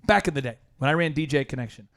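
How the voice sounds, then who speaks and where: A man's voice: a little high, very fast. A man hosting a business coaching podcast, telling stories emphatically and restarting his sentences often. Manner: emphatic, animated storytelling with many restarts. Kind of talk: energetic coaching talk with anecdotes.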